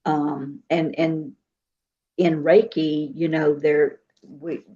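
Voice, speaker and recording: A woman, a psychic and Reiki practitioner, talking in an unhurried, soft-spoken way as an interview guest. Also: deep voice, little pitch movement, lo-fi sound. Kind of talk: casual interview talk.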